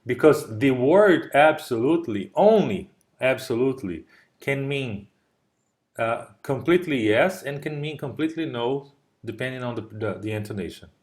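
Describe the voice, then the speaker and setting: A man's voice: mid-range voice, expressive, normal speed, darkish tone. Male tutor on a video call. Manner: explains patiently with examples, checks understanding. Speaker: English tutor. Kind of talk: online English lesson.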